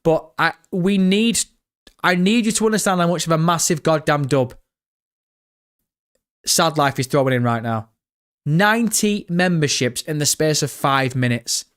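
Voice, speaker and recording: A young British man live-streaming, chatting excitedly with his viewers and swearing freely. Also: fairly high pitch, measured pace, smooth. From Britain. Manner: excitable, swears often, chats directly to viewers. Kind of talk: casual live-stream chat.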